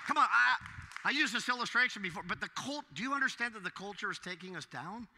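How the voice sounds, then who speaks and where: A man preaching a sermon as pastor, swinging from hushed asides to loud exclamations. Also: high voice, lively intonation, fast, big-room sound, slight background noise.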